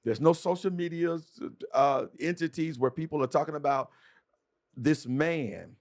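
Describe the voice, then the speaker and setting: A man's voice: on the high side, measured pace, darkish tone. A man hosting a podcast, talking in a fervent, preacher-like cadence with repeated starts. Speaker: podcast host. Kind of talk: passionate conversational commentary.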